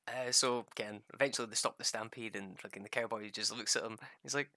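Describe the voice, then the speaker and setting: Young male gamer, bright forceful voice, dry close mic, rambling and sweary. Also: lowish voice, fairly even intonation, fast, dry recording. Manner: rambling, swears freely, laughs at own stories. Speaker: gaming streamer. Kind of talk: casual gameplay chat.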